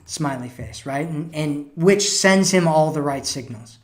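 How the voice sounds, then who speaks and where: In a slightly high, unhurried voice, a man hosts a live stream as a dating coach. He gives casual advice, reads out viewer comments, and often tags his lines with "right?" and "you know."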